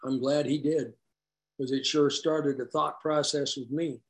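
A man sharing his personal story at a recovery meeting, candid and self-deprecating, halting and restarting as he talks. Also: medium pitch, fairly even intonation. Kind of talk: personal story told to a group.

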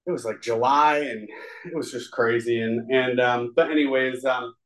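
A man's voice: mid-range voice, steady tone, normal speed, a bit bright, rough recording. Guy sharing his recovery story to a crowd, heartfelt, keeps restarting sentences. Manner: rambling and heartfelt, with many restarts. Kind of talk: personal testimony to a live audience. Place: room with an audience.

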